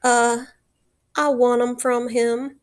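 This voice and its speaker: A woman voicing an inventive young boy who answers in a slow, hesitant way. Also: on the high side, level tone, clean tone, voice pushed up. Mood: innocent.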